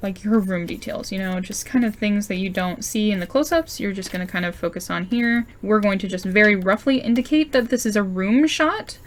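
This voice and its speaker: A woman's voice: medium pitch, fairly quick, few pauses. A woman giving a casual comic-drawing tutorial, chatting through her sketches with plenty of fillers. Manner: chatty, explains while sketching, many fillers.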